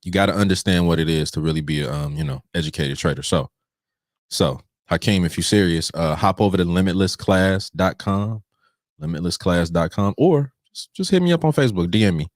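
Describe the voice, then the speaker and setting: Energetic man hosting a live trading show. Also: sits low, a little fast, no echo, studio quality. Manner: energetic, preachy and playful, addressing viewers directly. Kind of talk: live pre-market trading talk.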